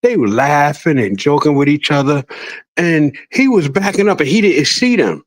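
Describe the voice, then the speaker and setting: A man's voice: a little high, moderate pace, dry recording, poor audio. A man chatting as a podcast guest, telling stories in a streetwise, profane way and acting out the people he quotes. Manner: animated storyteller, acts out quoted voices. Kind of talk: casual podcast chat.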